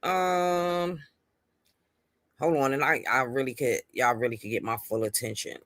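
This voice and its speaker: A woman's voice: rumbling low, fairly even intonation, a little slow, dry recording. Emphatic woman hosting a livestream. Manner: greets viewers warmly by name; emphatic, repeats words for stress. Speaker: livestream host. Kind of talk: casual live-stream chat.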